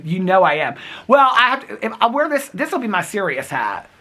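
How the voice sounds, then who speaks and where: A man's voice: sits high, very animated, normal speed, bright, forceful tone. A man in his fifties vlogging outdoors in the cold, chatty and giggly, calling his viewers girl and honey. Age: 50s. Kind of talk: casual daily vlog to camera. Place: outdoors in cold snowy weather.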